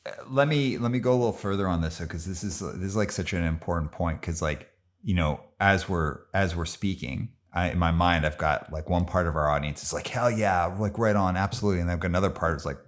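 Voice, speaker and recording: A man hosting a podcast interview, talking animatedly and mimicking imagined listeners. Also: low voice. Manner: animated, fast bursts, mimics imagined voices. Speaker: podcast host. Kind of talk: conversational interview.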